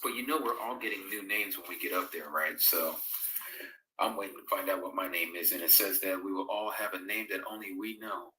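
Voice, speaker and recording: Leading a Bible fellowship over a livestream, this man reads scripture aloud and chats informally, responding conversationally to the viewer comments he reads out. He speaks low, fairly quickly, and with a sharp tone, picked up from a distance in a room full of echo.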